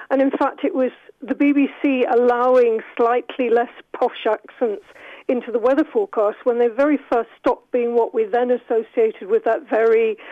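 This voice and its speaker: A woman professor giving measured, explanatory answers in a radio interview over the phone. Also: a little high, vocal fry, dry recording. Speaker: sociolinguistics professor. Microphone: telephone. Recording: tinny phone line.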